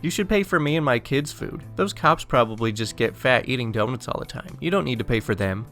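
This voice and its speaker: A man's voice: mid-range voice, lively intonation, a little fast, fairly bright tone, faint music behind. A man voicing a rude, entitled mother who speaks in a demanding, insulting way. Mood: angry accusing.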